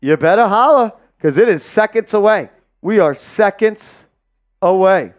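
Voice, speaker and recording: A man hosting a live sports watch-party stream, hyped and loud as he shouts out viewers' donations and calls the game. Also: sits high, expressive, a little slow.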